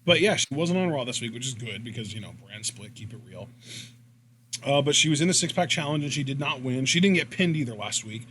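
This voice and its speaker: A man co-hosting a casual wrestling commentary podcast, chatting in a relaxed way and laughing easily. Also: medium pitch, fairly quick, a little hiss or hum. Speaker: podcast co-host.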